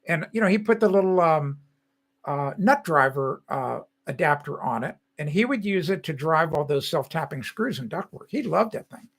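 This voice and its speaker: Bright-voiced older man chatting. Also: high-pitched. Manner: chatty, rambling, opinionated, with many restarts. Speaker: host. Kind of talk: casual live-stream talk.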